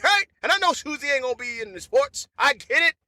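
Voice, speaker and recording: Very high, bright-voiced man riffing comedy. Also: fairly quick, dry recording. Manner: animated, repeats phrases, bursts of laughter. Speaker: comedy podcast host. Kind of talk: loose comedic monologue.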